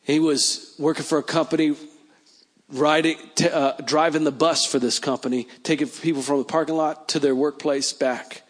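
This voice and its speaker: A man's voice: a little high, steady tone, moderate pace. A man preaching a sermon, telling stories and then praying in a fervent, declaring way. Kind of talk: sermon with prophetic prayer. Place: church service.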